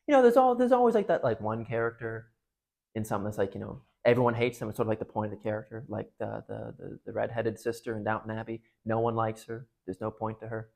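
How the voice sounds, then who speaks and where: A husky man with a mid-range, expressive, slightly mellow voice speaks briskly, retelling a story in class. As a parish speaker on literature, he gives a casual talk that retells and analyzes a book. His conversational delivery is full of restarts and fillers.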